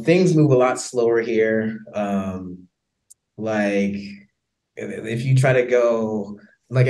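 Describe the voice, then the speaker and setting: An American man with an American accent, a podcast guest talking in a casual, animated way, laughing often and using many fillers. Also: mid-range voice. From United States. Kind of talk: casual interview chat.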